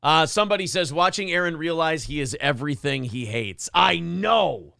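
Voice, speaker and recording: Gravelly-voiced man hosting crude chat. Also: on the high side, brisk, sharp tone, no echo, studio quality. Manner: crude, joking, self-mocking. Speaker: morning show host reading live chat. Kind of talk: casual profane chat.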